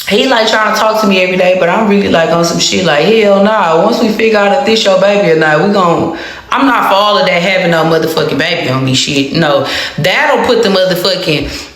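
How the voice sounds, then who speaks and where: A woman telling a personal story to her viewers in a casual storytime, animated and heavily profane, repeating phrases for emphasis. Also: lowish voice. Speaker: storytime vlogger. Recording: very echoey room.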